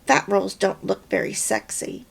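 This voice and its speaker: A woman reading the part of a hurt husband who speaks hesitantly and haltingly. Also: medium pitch, completely flat delivery, vocal fry, breathy edge, full character voice. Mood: hurt, earnest. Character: remorseful husband, a working man.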